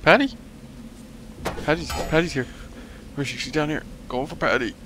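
A man's voice: a little high, normal speed. A young man commenting on his game as a let's play host, joking and rambling and talking back at the enemies. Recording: noisy home recording.

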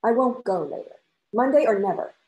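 A woman's voice: medium pitch, brisk, warm tone, dull audio, natural voice. A woman reading aloud the part of a jealous, desperate young noblewoman, voice raised and accusing. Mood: heated, accusing.

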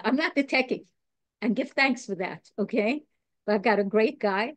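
A New York woman appears as a podcast guest, chatting casually and wandering off on tangents, laughing at herself and speaking earnestly about spiritual growth. Her voice is a little high, recorded with no echo.

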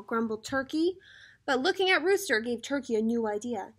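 A teacher reads a picture book aloud to young children and keeps turning to talk with them. Her voice is high and very animated, rising and falling as she tells the story. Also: normal speed. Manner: animated storybook reading, addressing kids directly.

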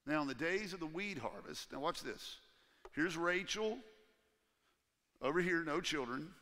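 A man preaching a sermon as pastor in a church, animated and acting out the voices he quotes. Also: a little high, measured pace, long reverb tail. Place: church sanctuary.

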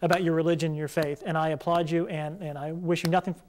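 A man hosting a laid-back late-night show, chatting easily with his cast. His voice sits a little on the high side of average. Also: quick pace. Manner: relaxed, sincere when speaking from the heart. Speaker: talk show host.

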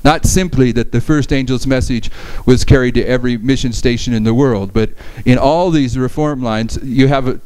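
A man's voice: medium pitch, moderate pace, hardly any pauses, darkish tone, no room sound, poor audio. A man giving a Bible study lecture, reading verses aloud and explaining them with frequent restarts.

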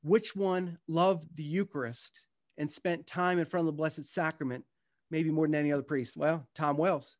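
A middle-aged man speaks as a guest, telling stories in an earnest, heartfelt way, sometimes stumbling and restarting, and partway through he reads a passage from his book. His voice is on the high side, steady in tone, at a moderate pace.

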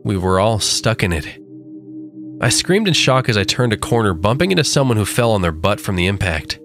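A man with a low voice reads a horror tale, letting his pitch rise and fall dramatically. Soft music sits beneath the narration. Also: big pitch swings. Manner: measured, dramatic storytelling. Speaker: creepypasta narrator. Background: faint background music.

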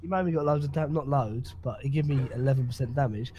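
A man's voice: medium pitch, fast, warm tone, breathy edge. A man telling a rambling story during a game, stopping to correct himself. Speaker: gaming friend. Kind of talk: casual gameplay banter.

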